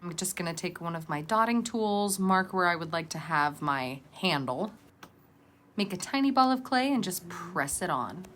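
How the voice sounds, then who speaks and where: A woman's voice: mid-range voice, fairly bright tone, a little hiss or hum. A woman vlogger narrating a casual crafting tutorial in a rambling, chatty, self-deprecating way.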